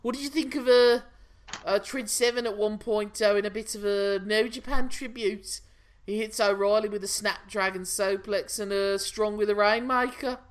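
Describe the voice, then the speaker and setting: A high-voiced Englishman co-hosts a laid-back wrestling podcast, speaking at a moderate pace with fairly even intonation. He's opinionated and teasing, and he rambles through his points.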